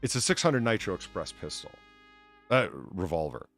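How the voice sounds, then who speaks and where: A man hosting a casual livestream chat, joking and swearing with loud bursts of laughter. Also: deep voice, very animated, normal speed, soft background music. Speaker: stream host.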